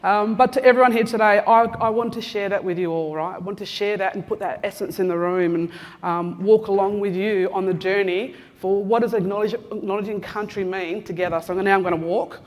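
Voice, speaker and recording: Her voice is medium-pitched and brisk, with fairly even intonation. This chatty Western Australian woman in her fifties gives an Acknowledgement of Country at a conference, strolling through a large room, teasing attendees, speaking to them directly and filling her joking talk with "um"s.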